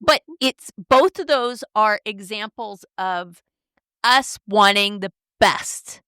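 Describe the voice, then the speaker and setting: A middle-aged woman in casual podcast chat, frank and lively, leaning on "like" and "right?" as she talks. Her voice sits at a middling pitch, recorded dry and close with no room sound. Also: slow, smooth, dry recording. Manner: candid, animated, says "like" and "right?" a lot. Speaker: podcast co-host.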